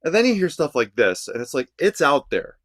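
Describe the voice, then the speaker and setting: A man's voice: fairly high pitch, sing-song, fairly quick, a bit bright, slight background noise. A man, a songwriter co-hosting a podcast, chatting casually in a rambling, self-deprecating way with many restarts. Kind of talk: casual music reaction chat.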